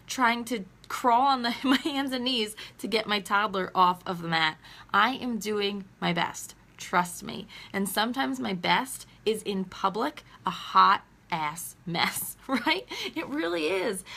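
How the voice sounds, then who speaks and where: A woman's voice: mid-range voice, gravelly, sharp tone. A woman in her thirties talking earnestly to viewers on a phone live stream, laughing and fighting back tears. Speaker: teacher and mom livestreaming. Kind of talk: emotional live video chat.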